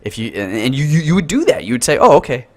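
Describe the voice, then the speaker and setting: A man's voice: a little high, wildly swooping pitch, quick pace, a little mellow. A man co-hosting a casual podcast over an online call, talking earnestly with many restarts and fillers. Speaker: podcast co-host. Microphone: call microphone.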